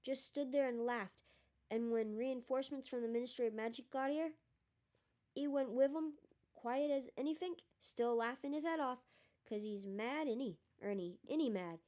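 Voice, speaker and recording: A chatty young bus conductor, as a woman reader puts him on, pitched higher than her reading voice. He runs on excitably, dropping his aitches and fishing for agreement. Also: moderate pace, close to an everyday voice. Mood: dramatic.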